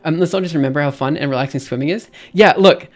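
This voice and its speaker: A man's voice: fairly high pitch, quick pace. A man streaming, reading a research paper aloud and ranting about it in an exasperated voice that keeps repeating and restarting itself. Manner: exasperated, repetitive, restarts often. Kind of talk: casual ranting commentary.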